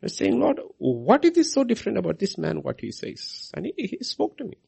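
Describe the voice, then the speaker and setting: A man delivering a sermon in a slightly husky voice. His pitch rises and falls widely as he drives his points home, repeating lines for weight. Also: huge pitch swings, brisk. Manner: preaching with big swings in pitch and loudness, repeating phrases for emphasis. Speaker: preacher.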